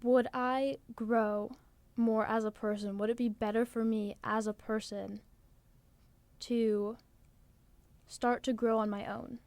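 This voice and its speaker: A woman's voice: on the high side, level tone, takes it slowly, a little mellow, no room sound. Earnest chatty teen girl, dry close sound. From New Jersey, US. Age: teens. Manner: chatty, earnest, frequent "like" fillers. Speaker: podcast co-host. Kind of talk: casual chat.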